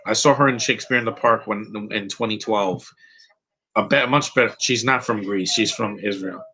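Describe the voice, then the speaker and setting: Rambling opinionated man, bright voice. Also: fairly low pitch, moderate pace, rough recording. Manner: rambling, opinionated, with frequent restarts. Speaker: film commentator. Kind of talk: casual live movie commentary.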